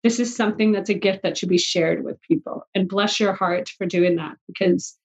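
A woman's voice: mid-range voice, moderate pace, slightly rough. A woman hosting a casual conversation, telling personal stories in a heartfelt way. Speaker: host. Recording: slightly dull lo-fi audio.

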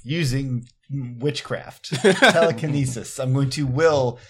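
A man's voice: mid-range voice, slow pace, fairly bright tone, breathy edge. A man talking hesitantly as a player in a tabletop game, with many fillers.

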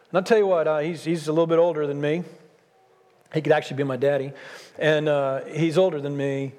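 A man's voice: fairly high pitch, steady tone, a little fast, a little mellow. A man in his sixties, a pastor preaching a sermon, speaking emphatically and repeating his key phrases. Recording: long hall reverb.

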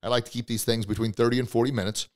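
A man hosting a motivational podcast, coaching listeners directly with excitement and bursts of emphatic shouting. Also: mid-range voice, racing. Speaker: podcast host.

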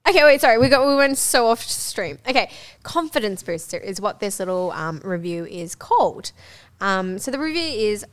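A woman co-hosting a podcast, talking fast and giggly in casual chat. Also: mid-range voice, expressive. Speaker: podcast co-host. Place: informal room without a sound studio.

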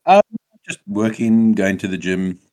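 Casual podcast co-host, man, English South African accent, animated storyteller, lowish voice. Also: a little slow. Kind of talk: casual chat.

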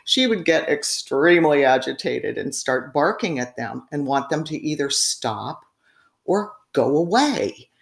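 A woman's voice: low-pitched, expressive, measured pace, vocal fry. A woman telling a story casually as a guest, rambling with frequent fillers and laughs. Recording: echoey room.

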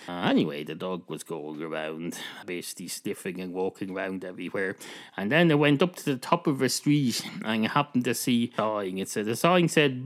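An Irish man hosting a podcast, telling a rambling comic story full of swearing and deadpan asides. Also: fairly low pitch. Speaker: podcast host.

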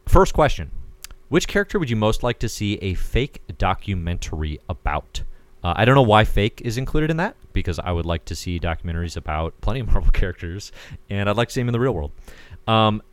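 A man's voice: fairly low pitch, sing-song, a little fast, clean tone, dry recording. A man co-hosting a podcast in a playful, joking casual chat. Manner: playful, jokey, breaks into silly singing. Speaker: podcast co-host.

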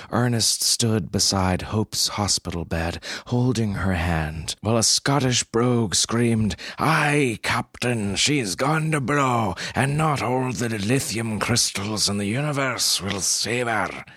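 A man reads a story in a deadpan, unhurried way. His voice is very low and husky, recorded dry. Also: no room sound. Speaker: narrator. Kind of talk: scripted story narration.

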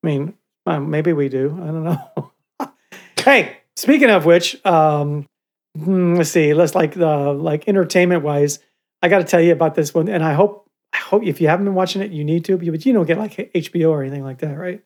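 A man's voice: a little high, normal speed, darkish tone. Rambling, profane older man co-hosting. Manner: rambling, profane, with frequent restarts. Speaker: podcast co-host. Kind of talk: casual chat.

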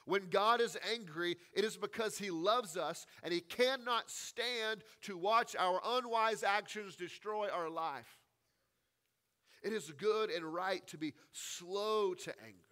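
A man's voice: high voice, a little slow, bright, forceful tone, smooth. A man preaching a sermon as pastor, stressing his points and repeating key phrases.

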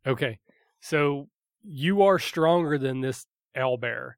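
A man's voice: medium pitch, lively intonation, slow pace, smooth, no echo. A man narrating a tabletop game as game master. He describes the action vividly, with a few fillers along the way. The recording is dry and close.

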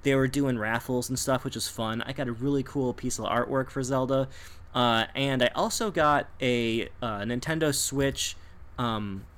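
A man's voice: mid-range voice, moderate pace, clear, resonant tone. A man in casual chat telling a story with lots of energy, laughing and acting out the people in it. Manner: animated, laughs often, acts out people in quotes.

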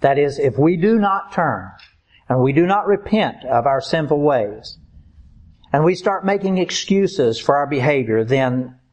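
A man's voice: fairly high pitch, animated, a little mellow, highs cut off. Earnest man preaching a sermon. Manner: earnest, emphatic, slows down for key points.

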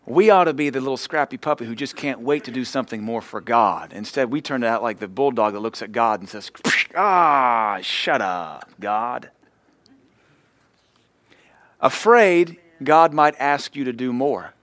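Man pastor preaching, folksy, joking, middle pitch, dry close sound. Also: fairly quick, hardly any pauses, fairly bright tone, no echo. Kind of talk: sermon.

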